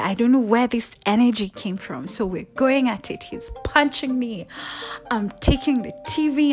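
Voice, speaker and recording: A woman telling viewers a personal story, swinging between loud outbursts and hushed asides, with frequent ums. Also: medium pitch. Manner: emotional, rising to loud and falling to hushed asides.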